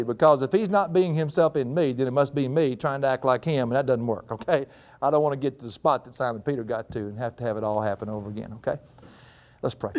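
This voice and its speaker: Folksy preacher man, animated. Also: a little fast. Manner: folksy and animated, laughing often, rising high in excitement. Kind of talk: sermon with personal story.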